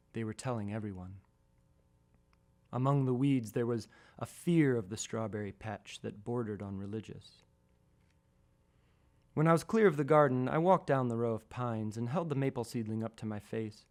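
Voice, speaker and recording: Guy reading his own garden story out, calm and even, mid-pitched voice, dry humor. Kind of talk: first-person radio essay reading.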